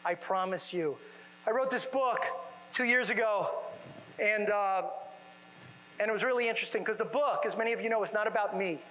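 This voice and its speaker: A man speaking to chiropractors at a seminar in a conference room, energetic and full of rhetorical questions to the audience. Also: high voice, normal speed, pauses often, in a large hall, a little hiss or hum, low-quality recording. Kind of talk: motivational seminar talk.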